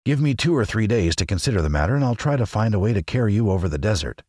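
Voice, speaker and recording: A meek little humbug wizard with a low voice and a lively, mild way of explaining, as a man puts him on. The reading is dry and close, in storybook style. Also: fast talker, no echo. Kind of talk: audiobook character reading.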